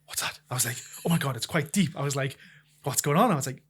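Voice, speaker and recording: A man, co-hosting a casual podcast and telling animated stories full of acted-out reactions. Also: mid-range voice, quick pace, breathy edge. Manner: animated storyteller, acts out his own panicked reactions with laughter. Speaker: podcast co-host. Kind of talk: casual chat.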